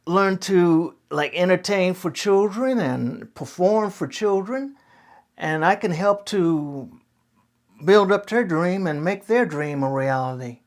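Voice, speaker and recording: A middle-aged man speaking slowly and earnestly in a documentary interview, often halting and restarting. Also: high voice, expressive, low-quality recording.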